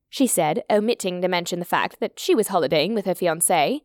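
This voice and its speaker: A woman reads a story in a measured, descriptive way at a middle pitch. The sound is close and dry, with no room echo. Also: lively intonation, a little mellow. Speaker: narrator. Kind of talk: audiobook narration.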